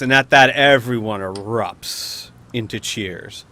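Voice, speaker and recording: A man's voice: mid-range voice, a little slow, bright, forceful tone, clear, resonant tone. A man narrating a tabletop role-playing game as game master, rambling with many fillers and restarts. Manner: rambling, full of uhs and restarts.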